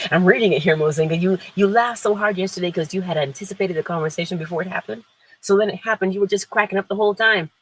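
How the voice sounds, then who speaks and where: A woman's voice: medium pitch, brisk, slightly rough, low-quality recording. A woman hosting an inspirational morning livestream, playful and emphatic, laughing often and answering viewers in the chat. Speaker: livestream host.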